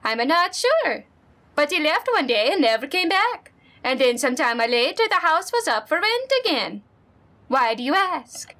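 Woman putting on a high, sweet older neighbor lady with a Minnesotan accent. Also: sing-song, unhurried, bright, forceful tone, heavily acted. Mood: polite, kindly.

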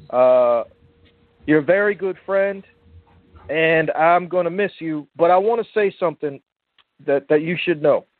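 An emotional man calls in over a tinny phone line, his voice pitched high for a man. He speaks earnestly, stumbling over restarts and repeating "brother." The sound is dry and close, with no room around it. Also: no room sound. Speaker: caller to a call-in show. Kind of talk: heartfelt call-in plea.

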